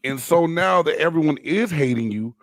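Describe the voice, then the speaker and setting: A man's voice: a little high, lively intonation, moderate pace, no room sound, studio quality. A man co-hosting a casual sports debate show, blunt and emphatic, swearing casually.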